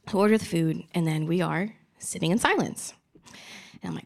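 A woman's voice: on the low side, normal speed, vocal fry. A young woman telling a comic personal story at a live storytelling event, chatty and laughing often.

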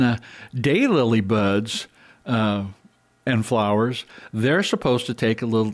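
Middle-aged guy chatting about his garden, folksy, lots of ums and restarts, medium voice. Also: mid-range voice. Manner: rambling, folksy, many fillers and restarts. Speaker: gardening show host. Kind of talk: casual gardening talk.

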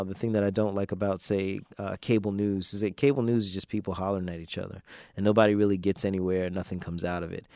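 A man's voice: fairly low pitch, darkish tone, clean tone, no echo, clean studio sound. A man speaking in a casual interview, loose and hesitant, with many fillers and restarts. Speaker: poet and interview guest. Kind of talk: casual interview talk and poetry performance.

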